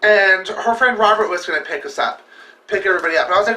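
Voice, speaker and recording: A man's voice: high voice, a little fast, bright, forceful tone. A man vlogging, telling a personal story in a casual, heavily profane, emphatic and rambling way. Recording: echoey room, distant mic.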